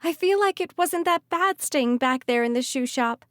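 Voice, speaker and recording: In this audiobook, a scared young woman whimpers and wails in a high, pleading voice, as a woman narrator puts her on. The sound is close and dry, with no room around it. She keeps reaching up into a thin, whiny register. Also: lively intonation, moderate pace, fairly bright tone, no echo. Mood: whiny, panicked.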